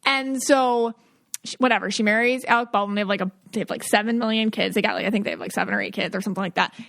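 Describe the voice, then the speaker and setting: A woman's voice: mid-range voice, steady tone, gravelly, a bit bright. A woman hosting a podcast, telling a story in casual, rambling chat full of fillers and asides. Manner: chatty, quick asides, frequent fillers. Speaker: podcast host.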